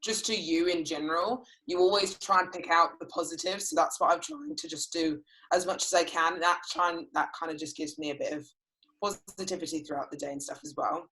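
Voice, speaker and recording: A woman in her twenties joins a podcast over a video call. She has a slightly low voice and talks softly and earnestly, leaning on fillers like "like" and "just.". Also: a little fast, poor audio. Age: 20s. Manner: soft-spoken, filler-heavy, earnest. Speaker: podcast guest. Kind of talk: casual group chat on a call.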